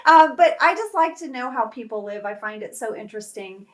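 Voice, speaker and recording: Middle-aged actress guest, bubbly and animated, higher voice. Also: female voice, fairly quick, a little hiss or hum. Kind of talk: casual interview chat.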